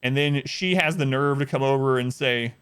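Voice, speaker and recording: A man telling an exasperated story on his live stream, animated and acting out the people he quotes. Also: mid-range voice, moderate pace, clear, resonant tone. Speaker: livestreamer.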